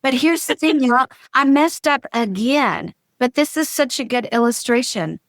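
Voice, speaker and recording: A woman's voice: high-pitched, moderate pace, dry recording, studio quality. A woman, a marriage coach telling stories in a podcast chat and acting out the lines of the people in them. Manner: animated storyteller acting out quotes. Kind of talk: casual storytelling chat.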